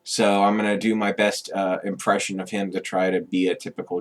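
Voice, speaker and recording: A man in the middle of a political rant, swearing freely and pausing on many "uh" and "um" fillers. His voice is somewhat low. He sounds agitated and blunt. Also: little pitch movement. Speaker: vlogger.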